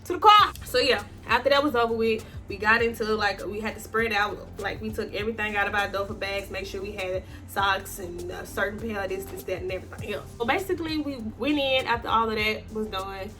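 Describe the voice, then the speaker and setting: Young woman w/ AAVE, bright sharp voice, slangy and animated, bit of music under it. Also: mid-range voice, brisk, hardly any pauses. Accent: African American Vernacular English. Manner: animated, slangy, swearing, addresses viewers as y'all. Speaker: vlogger. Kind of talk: casual storytelling chat.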